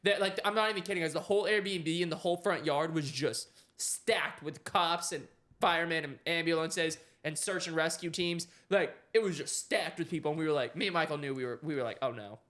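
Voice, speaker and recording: A young man with a high voice tells a story on a podcast in a casual, animated way. He laughs often as he talks. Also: a little fast. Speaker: podcast co-host.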